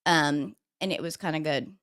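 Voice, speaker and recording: A woman co-hosting a casual talk show, telling stories in a brash, profane, animated way. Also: sits low, moderate pace. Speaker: co-host.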